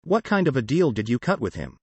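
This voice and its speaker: A man's voice: medium pitch, big pitch swings, fairly quick, breathy edge, no echo. A man reading the part of a wounded, tough working man who speaks in short, plain-spoken lines.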